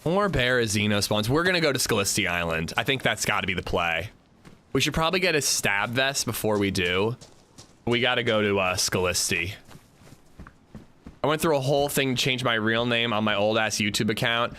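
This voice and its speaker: A young man chatting casually on a gaming livestream, rambling and animated as he reads chat while playing. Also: lowish voice, moderate pace.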